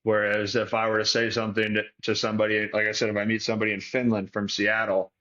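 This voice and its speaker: A man's voice: lowish voice, little pitch movement, fast talker, sharp tone, highs cut off. A man from Detroit, a performance coach, talking reflectively as a podcast guest and thinking aloud with restarts. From Detroit, Michigan.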